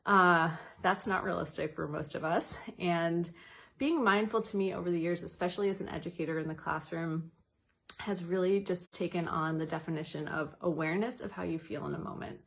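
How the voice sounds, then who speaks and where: A woman educator giving a casual wellness talk, chatty with light laughs, guiding slow counted breathing. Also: lowish voice, vocal fry, a bit bright.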